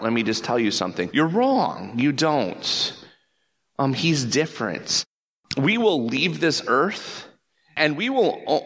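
A young man preaching in a relaxed, conversational way. He talks slowly at a middle pitch, with lively peaks of emphasis and hushed, repeated phrases. At times he drifts a little away from the mic. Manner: conversational preaching, animated, drops to soft emphatic repetition. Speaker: pastor. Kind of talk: sermon.

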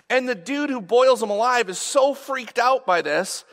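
A man's voice: extremely high pitch, lively intonation, moderate pace, few pauses, fairly bright tone. A man preaching a sermon in a conversational, emphatic way, often asking rhetorical questions. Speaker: pastor. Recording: long hall reverb.

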